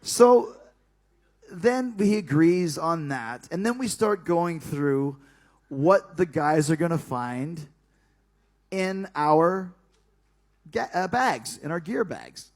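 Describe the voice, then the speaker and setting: A man casually telling a backstage story, animated and profane, acting out the other people's lines. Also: fairly high pitch, takes it slowly. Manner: animated and profane, acts out dialogue.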